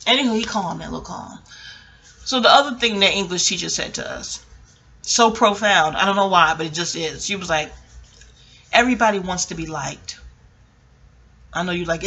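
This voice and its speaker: A woman's voice: on the low side, moderate pace, gravelly, pauses often, pushed and bright, slight background noise. A woman vlogger telling a rambling, profane story straight to her viewers in a casual way.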